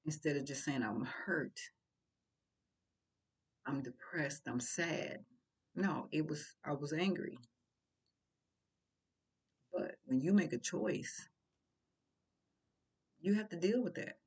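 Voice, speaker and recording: A woman's voice: deep voice, takes it slowly, long pauses, a little mellow, slightly rough. An older woman giving casual, preachy commentary, blunt and full of rhetorical questions. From St. Louis.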